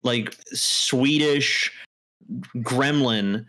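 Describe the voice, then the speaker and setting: A man's voice: medium pitch, very slow, sharp tone. A man as a guest contributor in a casual podcast chat, laid-back and swearing casually.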